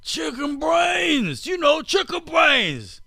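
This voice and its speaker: A booming, high-pitched mock-Australian fellow , as a podcast host puts him on, hollering his words slowly and dragging every syllable out. The voice climbs far above the performer's own and sits dry and close to the mic. It is broad, cartoonish and over the top. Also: big pitch swings, creaky, no room sound, exaggerated voice. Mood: hammy shouting. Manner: shouting, drawn-out, exaggerated. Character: loud mock-Australian man raving about chicken brains.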